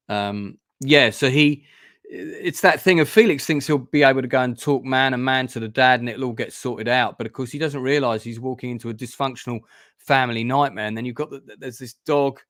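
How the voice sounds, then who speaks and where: A man's voice: medium pitch, a bit bright, no room sound, clean studio sound. A man hosting a casual review discussion, retelling scenes in a rambling way with frequent restarts. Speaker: host of a review channel.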